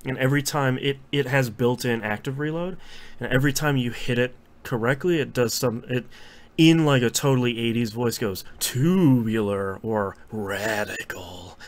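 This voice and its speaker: A man co-hosting a podcast in casual chat, explaining game tips in a lively way and laughing easily. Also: mid-range voice, brisk. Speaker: podcast co-host.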